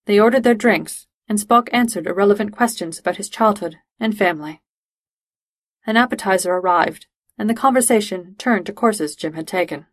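A woman reads a story aloud at a steady, measured pace, her pitch sitting in a middle range. The recording is dry and close, with no room sound at all. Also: dry recording. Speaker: reader. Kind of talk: reading fan fiction aloud.

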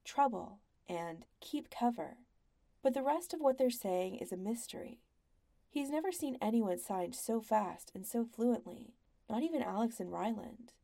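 A woman narrating a story in an even, measured audiobook style. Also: on the high side, vocal fry.

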